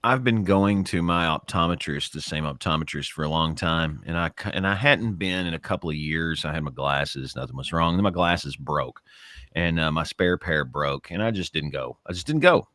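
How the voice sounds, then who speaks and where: A middle-aged man co-hosting a casual chat show, telling stories in an animated way and mimicking other people's voices. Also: extremely low pitch, moderate pace, dry recording, clean studio sound. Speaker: podcast co-host.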